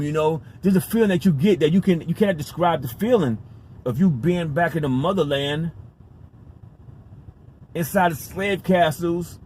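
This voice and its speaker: Emphatic rambling man, slightly high voice. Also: mellow, slight background noise. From United States. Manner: rambling, emphatic, profane, repeats himself. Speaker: vlogger. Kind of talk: casual storytelling monologue.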